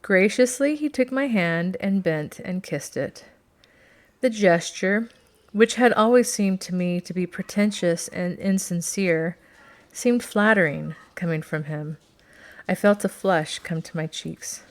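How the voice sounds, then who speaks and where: A woman reading a novel aloud as scripted narration, in a measured, steady storytelling manner. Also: lowish voice. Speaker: audiobook reader.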